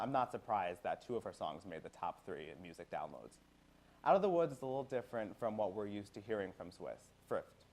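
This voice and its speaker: A young man presenting a scripted music segment in a steady reading voice. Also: fairly low pitch.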